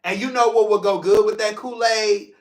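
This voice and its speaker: A man's voice: high voice, moderate pace, roomy sound. A man from St. Louis hosting his own talk show, chatting casually and jokingly, shifting into earnest reflection. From St. Louis, Missouri. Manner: animated, joking, drifts between playful and emotional. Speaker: podcast host. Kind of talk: casual solo livestream talk.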